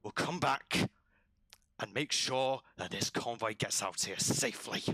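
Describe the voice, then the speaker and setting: A man's voice: medium pitch, unhurried, bright, forceful tone, no room sound. A man voicing a large, hot-tempered male lizard leader in a tabletop game, bossy and barking orders. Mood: commanding.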